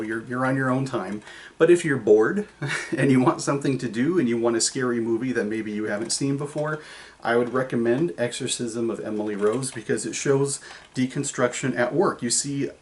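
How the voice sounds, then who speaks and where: Man, middle-aged, English teacher, chatty lecture, jokey, lots of ums, classroom. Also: mid-range voice. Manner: chatty, joking, with many ums and uhs. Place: classroom with a board behind him.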